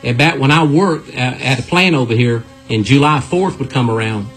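A man's voice: mid-range voice, moderate pace, fairly bright tone, faint music behind. A man giving a folksy, repetitive Bible lesson on a radio program.

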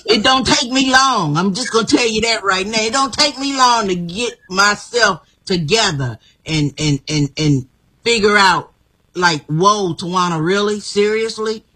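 A woman's voice: mid-range voice, measured pace, sharp tone, breathy edge. A woman guest speaking emphatically in an inspirational interview, repeating herself and laughing often.

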